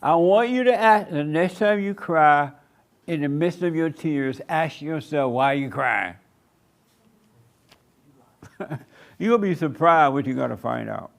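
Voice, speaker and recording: A man preaches a sermon to a small church gathering, his raised voice running with a gravelly rasp. He hammers home short commands again and again and drags out key words slowly for weight. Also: on the high side. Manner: emphatic, repeats short commands. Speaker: pastor. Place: church meeting room.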